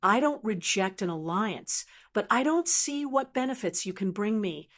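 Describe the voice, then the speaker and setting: A woman voicing a proud, cool young dragon queen in an audiobook, talking flat and matter-of-fact. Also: mid-range voice, normal speed, natural voice. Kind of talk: audiobook narration.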